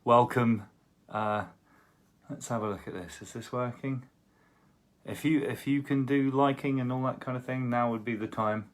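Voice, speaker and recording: A man's voice: medium pitch, steady tone, moderate pace. A man talking casually between songs on a home livestream gig, hesitant and full of ums and restarts. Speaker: musician playing a livestream gig. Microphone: computer livestream. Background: guitar.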